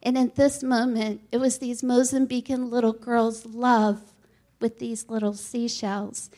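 A woman with a high, light voice tells her testimony earnestly. She speaks with animated, heartfelt storytelling energy. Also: unhurried. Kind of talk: church testimony talk.

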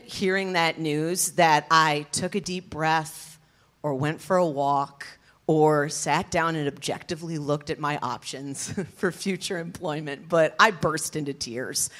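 A woman, telling her personal testimony in an earnest, expressive storytelling way. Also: low-pitched. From Detroit area, USA. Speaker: speaker sharing her testimony.

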